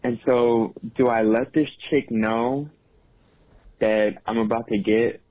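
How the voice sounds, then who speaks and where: A male caller leaves a voice message for a podcast. He talks casually in slang and sounds worried about his situation. His pitch sits in the middle range for a man. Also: steady tone, takes it slowly, dull audio. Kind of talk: recorded voice message.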